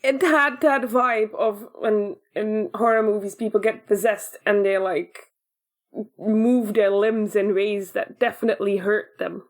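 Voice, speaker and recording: A woman's voice: medium pitch, fairly even intonation, measured pace. A woman co-hosting a podcast in casual chat, chatty and laughing at her own jokes. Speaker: podcast co-host.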